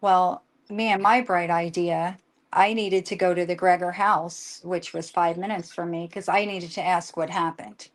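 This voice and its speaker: An older woman tells her family's story in an emotional live conversation, rushing and restarting as she quotes what everyone said. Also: lowish voice, fairly even intonation. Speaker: guest.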